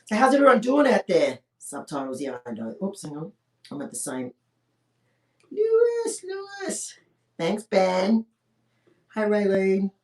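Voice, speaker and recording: A woman's voice: medium pitch, sing-song, normal speed, recorded from a distance. Cheeky off-mic woman in an echoey room. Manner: cheeky, crude and rambling, chatting to viewers. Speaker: comedy singer hosting a livestream. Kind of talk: chatty livestream banter. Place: home during lockdown.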